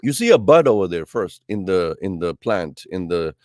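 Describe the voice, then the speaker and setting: A man teaching a Quran tafseer lesson, animated and speaking directly to his brothers and sisters. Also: low-pitched, normal speed, dry recording, studio quality. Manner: animated, acts out quoted voices; addresses listeners as brothers and sisters. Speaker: Islamic teacher.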